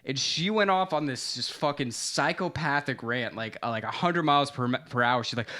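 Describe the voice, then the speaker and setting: Bright-voiced man telling a story. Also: medium pitch, a little fast, hardly any pauses. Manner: animated storyteller, swears casually, acts out quotes. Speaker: podcast co-host. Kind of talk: casual storytelling chat.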